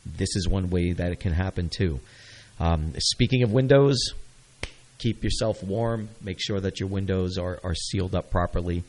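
Deep-voiced upbeat male radio host. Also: moderate pace, a little mellow, poor audio. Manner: upbeat, chatty, coaching listeners with repeated "okay?". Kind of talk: casual radio talk.

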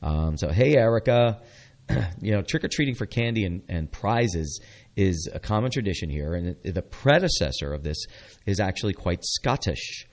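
Deep-voiced chatty radio host. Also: male voice, very animated, moderate pace. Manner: rambling, chatty, with many fillers. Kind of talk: casual chat.

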